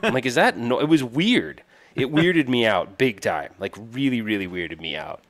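A man's voice: medium pitch, expressive, moderate pace. A man co-hosting a casual live stream, rambling and correcting himself as he shows off gear. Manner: rambling, self-correcting, laughs often. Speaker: co-host.

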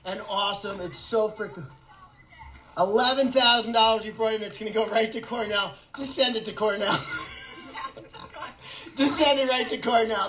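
A man running an animal sanctuary, chatting excitedly and rambling with lots of laughter in a casual fundraising video outdoors. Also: sits high, a little slow, pauses often, low-quality recording. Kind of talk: casual fundraising vlog chat.

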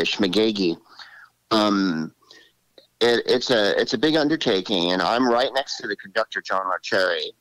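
A man in his sixties, a comedian guest telling animated stories in an interview and slipping into voices. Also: low-pitched, no echo, rough recording. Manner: animated, drops into character voices. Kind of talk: storytelling interview.

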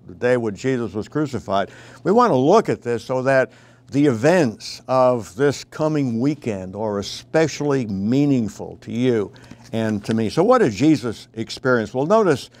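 A man's voice: mid-range voice, darkish tone. A man preaching a radio devotional, earnest and conversational, with frequent fillers and restarts, rising to emphatic pleading when he quotes cries of distress.

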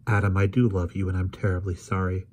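A distressed teenage girl pushes her words out in a strained, urgent rush, voiced by a man reading a storybook. He lifts his low voice for her. Her impatience keeps breaking through. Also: flat delivery, fast talker, a little mellow. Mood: subdued.

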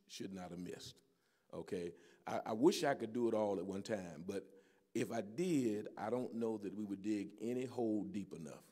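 A man's voice: lowish voice, mellow. An older man preaching a sermon to a church congregation, peppering his talk with amens and frequent restarts. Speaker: pastor. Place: church sanctuary with live audience.

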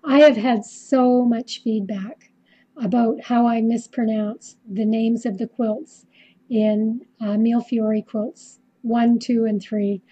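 A woman's voice: a little high, fairly even intonation, slow pace, dark tone, breathy edge, dull audio. A middle-aged woman with a Canadian accent, hosting a live quilting tutorial in a chatty way with lots of ums and restarts. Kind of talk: casual live-stream tutorial.

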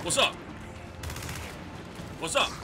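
A man giving live gameplay commentary, loud and excitable, trash-talking in slang. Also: takes it slowly, noisy background. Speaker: gamer. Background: game music and gunfire.

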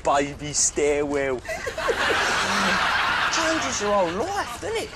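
A man's voice: high voice, huge pitch swings, takes it slowly, heavily acted. An actor playing a brash young lad and new dad in a comedy sketch, bragging and laughing at his own jokes. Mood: boastful. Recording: noisy sketch show audio.

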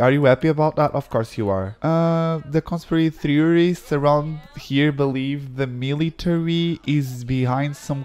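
This is a man doing relaxed let's-play commentary at an unhurried pace and a medium pitch. He is animated, exclaims at the game and reads its text aloud. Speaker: gaming video creator.

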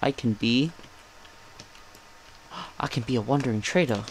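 A man hosting a gaming channel, giving live, excitable and jokey commentary as he plays. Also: mid-range voice, measured pace, slight background noise. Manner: excitable, jokey, talks to himself.

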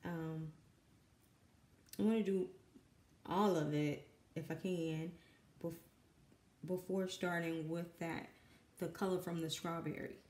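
Southern mom talking while she paints, kinda low pitched, dry voice, nervous rambly, roomy echo. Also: fairly even intonation, slow pace, long pauses, darkish tone. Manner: rambling, self-conscious, many fillers. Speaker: artist and mother. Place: home room with kids in the background. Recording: echoey room.

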